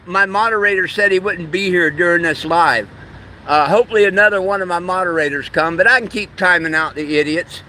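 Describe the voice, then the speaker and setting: A man's voice: high voice, sharp tone, a little hiss or hum. A middle-aged man hosting a live stream, reading chat comments aloud and trading insults with trolls. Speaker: livestream host.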